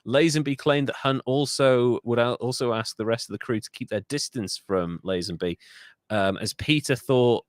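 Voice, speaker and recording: A man's voice: low voice, fairly even intonation, moderate pace, dry recording, clean studio sound. A man co-hosting a comedic history podcast, telling stories in casual chat, swearing freely and slipping into mock voices. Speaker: podcast co-host.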